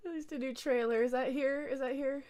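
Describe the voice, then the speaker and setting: A woman's voice: high-pitched, a little mellow. A woman hosting a casual livestream, chatty and laughing often as she tells stories. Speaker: livestream host.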